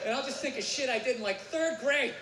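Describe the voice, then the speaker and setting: A man performing a stand-up routine on a theater stage, ranting and profane, often bursting into shouting. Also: extremely high pitch, quick pace, crowd noise. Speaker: stand-up comedian. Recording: roomy live venue with audience noise.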